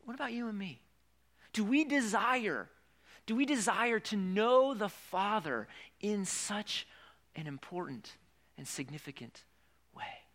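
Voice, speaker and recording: Male pastor, sermon, bright forceful tone, slightly high voice, swings between loud and whispered, rhetorical questions. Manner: dramatic swings from loud emphasis to hushed whispers; conversational preaching with rhetorical questions.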